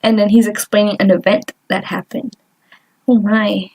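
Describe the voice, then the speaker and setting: A woman's voice: mid-range voice, flat delivery, moderate pace, darkish tone. A young woman vlogger chatting casually while she doodles, rambling and trailing off with lots of fillers and little laughs. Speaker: artist vlogger.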